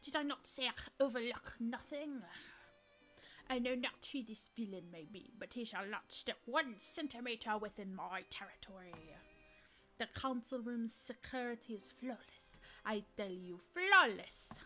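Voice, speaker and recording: A woman voicing a haughty, condescending male bird who acts as a student council president, in a hushed, breathy voice and a pompous, formal manner. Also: fairly high pitch, expressive, measured pace, soft background music.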